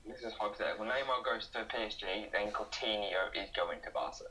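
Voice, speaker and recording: A quick-talking young man with a bright, husky edge to his voice, bantering on a podcast. The sound is lo-fi, like a radio recording. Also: on the low side. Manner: quick, chatty, playful banter. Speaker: podcast co-host. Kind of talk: casual chat.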